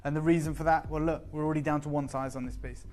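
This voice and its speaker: A man's voice: on the high side, fairly even intonation, quick pace, a little mellow. A man presenting on a live TV shopping channel, talking up gems with urgent, persuasive energy in a studio. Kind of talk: live TV sales pitch.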